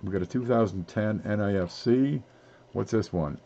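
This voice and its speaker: A man's voice: lowish voice, moderate pace, dark tone, muffled recording. A man hosting a casual live-stream giveaway, talking in a folksy, rambling way as he reads off items one by one. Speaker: livestream giveaway host.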